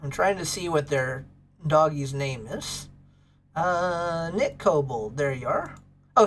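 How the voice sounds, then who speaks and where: Woman livestream host, casual and bubbly, with a very lively pitch. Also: unhurried, a little hiss or hum. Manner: bubbly, gushes over pets and thanks chat.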